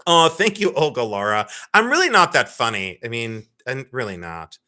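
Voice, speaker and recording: Man, live-sale host, bright tone, playful teasing chatter, casual swearing. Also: mid-range voice, moderate pace. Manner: animated, joking, teasing, swearing. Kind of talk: live-stream sales chat.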